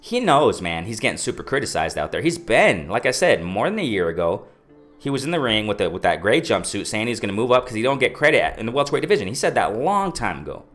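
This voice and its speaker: A man's voice: on the low side, very animated, fast talker, a bit bright, soft background music. A man talking casually about boxing on his own channel, rambling and repeating himself, with slang fillers. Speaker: boxing commentary vlogger. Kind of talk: casual opinion vlog.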